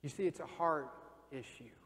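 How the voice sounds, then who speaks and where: A man's voice: on the high side, normal speed, fairly bright tone. A man preaching a sermon in a church, telling a story and acting out the voices in it. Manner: storytelling, acts out quoted voices. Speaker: pastor. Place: church sanctuary. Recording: long reverb of a church hall.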